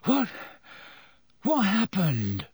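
A man's voice: high-pitched, wildly swooping pitch, slow, darkish tone, breathy edge, no room sound, clean studio sound, pitched above the performer's own voice, exaggerated voice. A man voicing a groggy, confused teenage boy who has just woken up groaning.

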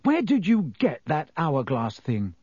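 Brief: lost, questioning schoolboy wizard, raised lively voice, as a reader puts him on. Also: male voice, a little high, unhurried, breathy edge, no echo, clean studio sound, full character voice. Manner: confused, questioning. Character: bewildered teenage schoolboy wizard. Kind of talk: audiobook character voice.

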